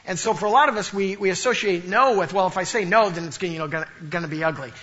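A man's voice: sits high, very fast, fairly bright tone, muffled recording. A middle-aged man preaching a sermon, telling stories and playfully imitating the people in them. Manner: storytelling with playful, exaggerated imitations. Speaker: pastor.

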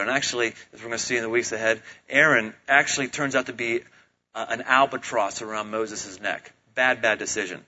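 A man preaching a sermon in a casual, humorous, animated way, on a dull lo-fi recording. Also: medium pitch, brisk. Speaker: pastor.

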